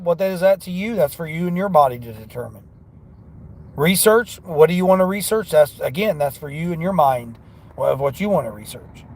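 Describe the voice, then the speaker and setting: A man's voice: a little high, a little mellow. A man vlogging from his car on delivery runs, talking in an earnest, rambling, motivational way. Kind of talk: casual talk while driving.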